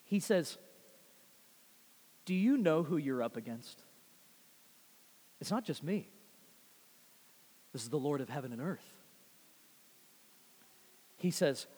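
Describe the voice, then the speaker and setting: A man preaching a sermon with animated delivery, swinging from loud rising phrases to quiet low ones and often repeating words. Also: breathy edge. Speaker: pastor. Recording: long reverb of a large hall.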